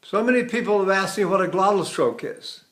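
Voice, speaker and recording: Older male tenor teaching vocal technique, high-pitched voice, explanatory and digressive with frequent restarts. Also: lively intonation, fairly quick, a bit bright. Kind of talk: vocal technique lesson with sung demonstrations.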